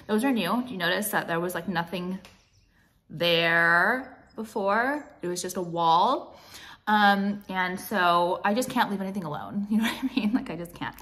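A woman's voice: lowish voice, a bit bright. Blunt, chatty woman vlogging. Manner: blunt, profane, rambling with many fillers. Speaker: vlogger and jewelry brand owner. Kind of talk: casual chatty vlog.

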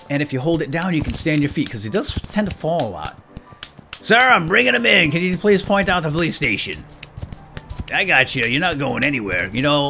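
A man hosting a let's play, giving silly role-play commentary in an excitable, giggly way. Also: fairly high pitch.

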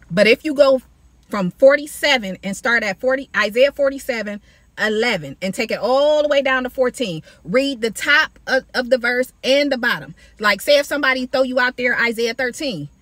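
A woman talks casually to her viewers about scripture, calling them baby and y'all in an animated, preachy way. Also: on the high side, no room sound. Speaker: faith video creator. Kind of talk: casual Bible-study talk to camera. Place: outdoors in sunlight.

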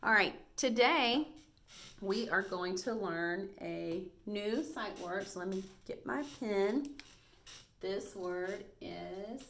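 Speaking slowly, this first-grade teacher films a reading lesson aimed at small children. She keeps a medium pitch and a cheerful, supportive tone, with frequent praise for the kids.

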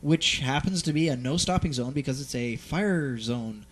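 A man's voice: medium pitch, lively intonation, moderate pace. A man hosting a show, telling a long story in casual chat, rambling, swearing freely and using plenty of fillers. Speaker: host.

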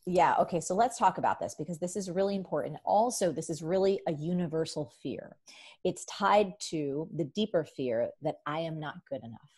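A woman's voice: low-pitched, expressive, moderate pace, darkish tone, husky. A woman guest in a casual conversation, talking animatedly and acting out her past thoughts in voices.

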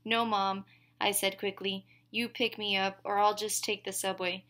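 A woman's voice: medium pitch, flat delivery, normal speed, a bit bright. A woman reading a novel aloud in first person, marking the characters' lines with small shifts rather than full voices. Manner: reads dialogue with small shifts for each character, no big voices. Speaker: audiobook reader. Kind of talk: scripted first-person narration.

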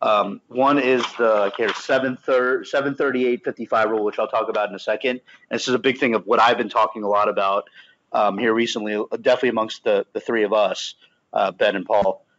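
A man's voice: on the low side, steady tone, fairly quick, a bit bright, highs cut off. A man talking casually on a podcast about a book, rambling with many restarts. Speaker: podcast team member.

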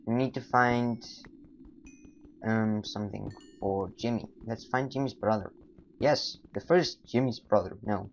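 A young man whose first language is not English, rambling through casual let's play commentary with sudden loud, silly outbursts. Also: fairly low pitch, measured pace, vocal fry, muffled recording, a little hiss or hum. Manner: rambling, excitable, bursts of loud silly exclamations. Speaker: gamer.

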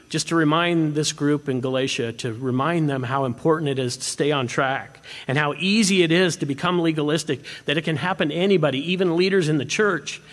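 A man preaches with an animated delivery, driving some points hard and dropping to a near hush on others. His voice sits a little high for a man. The sound carries a long reverb from the hall. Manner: animated, swinging from emphatic to hushed. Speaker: pastor. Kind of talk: expository sermon. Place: church sanctuary.

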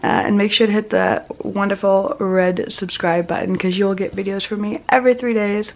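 A woman's voice: medium pitch, fairly even intonation, moderate pace, vocal fry, darkish tone. A young woman vlogging to camera, gushing and emotional, and sick and near tears. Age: young adult. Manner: gushing, emotional, says "oh my gosh" often. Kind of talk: casual vlog to camera.

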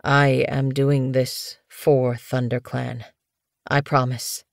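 A woman voicing a tired male cat leader who speaks in a calm, formal way. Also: very deep voice, slow, creaky, no room sound, studio quality, voice pushed down, heavily acted. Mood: resigned. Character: weary male cat clan leader, resigned.

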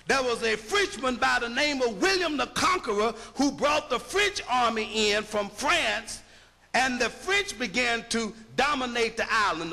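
A man's voice: extremely high pitch, creaky, pushed and bright, long reverb tail. An American man giving an emphatic public lecture, firing rhetorical questions and spelling words out letter by letter.

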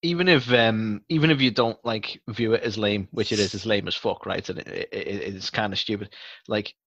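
Sweary podcast co-host, dry dull mic. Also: male voice, lowish voice, moderate pace, creaky, a bit bright, no echo. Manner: sweary, thoughtful, rambling with fillers. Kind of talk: casual wrestling review chat.

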